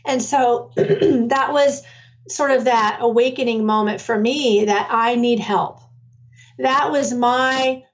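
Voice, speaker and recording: Recorded far from the mic and sounding muffled, this middle-aged woman speaks slowly and steadily at a fairly high pitch. She writes books and runs parenting workshops, and here she recounts her story in a rambling interview, full of fillers and false starts.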